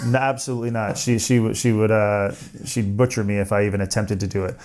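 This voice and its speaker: A man's voice: fairly low pitch, flat delivery, quick pace, darkish tone, faint music behind. A man being interviewed, talking in an earnest, reflective way and often breaking off mid-sentence to restart. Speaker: interview guest. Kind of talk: casual interview chat.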